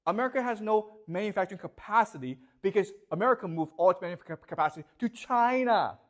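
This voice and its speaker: A male professor gives a classroom lecture in a voice that sits a bit high. His pitch moves a great deal as he fires questions at the class. He keeps stopping to check that the students follow him, and he repeats himself as he drives each point home. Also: expressive, fast talker. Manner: emphatic, questioning.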